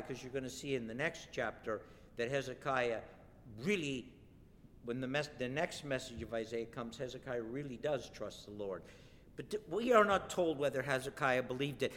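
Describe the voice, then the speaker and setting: A man preaching a sermon and reading scripture aloud, emphatic and rising to forceful declarations. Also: medium pitch, in a large hall.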